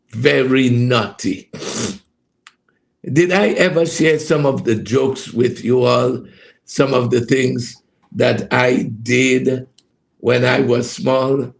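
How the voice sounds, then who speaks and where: A man's voice: medium pitch, creaky. A man hosting a casual devotional program from a home studio, hesitant and full of fillers, greeting listeners by name and laughing heartily. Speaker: ministry program host. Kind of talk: casual devotional broadcast chat.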